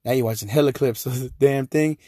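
This solo podcast host, whose mid-range voice carries a Texan accent, talks fairly quickly in a loose, profane, casual style. He tells animated stories and laughs often in asides. Clean studio-quality audio with no room sound.

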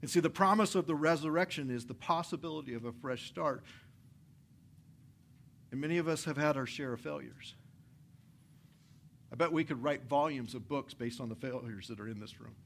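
A man, a pastor, preaching a conversational, energetic sermon in a church, repeating his phrases for effect. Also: on the high side, moderate pace, vocal fry, pauses often, slight background noise. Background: soft guitar music.

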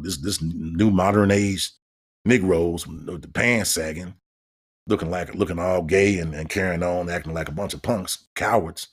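Low husky-voiced man ranting on a podcast. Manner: heated, emphatic, repeats words as he builds up. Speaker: podcast host. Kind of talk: impassioned podcast monologue.

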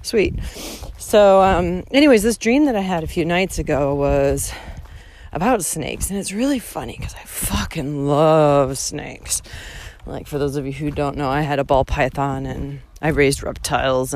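A woman vlogging while out on a walking route, ranting and rambling with heavy swearing, jumping between loud outbursts and quiet muttered asides. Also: deep voice, creaky, a little hiss or hum. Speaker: vlogger hiking a long-distance trail. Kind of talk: ranting monologue to the listener.

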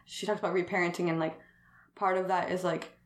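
A woman's voice: on the low side, little pitch movement, fairly quick. A woman chatting casually as a guest, rambling and saying "like" constantly, laughing often. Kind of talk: casual conversation. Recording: roomy echo.

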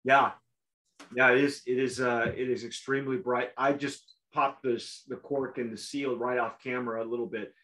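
A man hosting a casual tasting show, talking in a rambling, halting way with lots of restarts. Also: mid-range voice, level tone, sharp tone. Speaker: show host.

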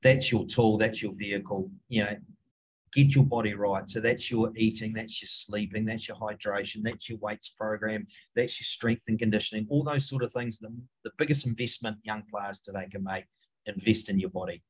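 A middle-aged man with a New Zealand accent, a rugby coach answering interview questions in a halting way, with many fillers and restarts. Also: lowish voice, steady tone, slight background noise, rough recording. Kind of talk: casual interview talk.

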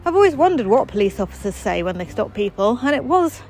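A woman's voice: a little high, very animated, quick pace, darkish tone, rough recording. A woman hosting a daily walking podcast, chatting in a wry, self-deprecating way outdoors on a footpath. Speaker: podcast host. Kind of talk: casual chatty monologue while walking.

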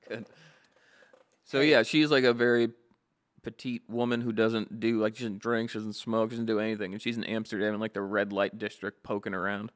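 A man's voice: lowish voice, little pitch movement, normal speed, fairly bright tone. Laughing, profane young man. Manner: laughing often, loose and profane. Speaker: podcast co-host. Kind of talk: casual chat.

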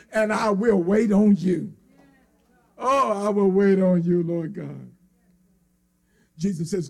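A male preacher with a high-pitched, gravelly voice delivers an impassioned sermon. He drops to hushed, pleading tones and then rises into cries, with a Black flavor in his speech. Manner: impassioned, swings from hushed to shouting.

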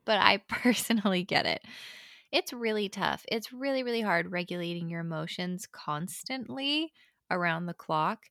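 A woman's voice: medium pitch, expressive, normal speed, vocal fry, fairly bright tone, no room sound, clean studio sound. A young woman, a mother, co-hosting a podcast and giving candid, chatty advice on parenting. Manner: candid and chatty, many fillers. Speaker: podcast co-host. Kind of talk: casual advice talk.

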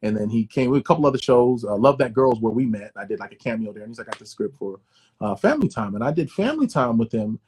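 Fast-talking husky man, animated. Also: mid-range voice. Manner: animated, profane, repeats words. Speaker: actor guest. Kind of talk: casual interview storytelling.

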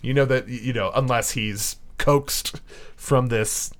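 A man narrating as game master of a tabletop role-playing game, in a loose, halting way with many fillers. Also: mid-range voice, fairly bright tone.

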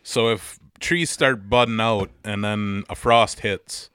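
A man co-hosting a casual podcast, unhurried and swearing freely. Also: lowish voice, fairly even intonation, a bit bright, clear, resonant tone, no room sound, clean studio sound. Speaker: podcast co-host. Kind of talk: casual chat.

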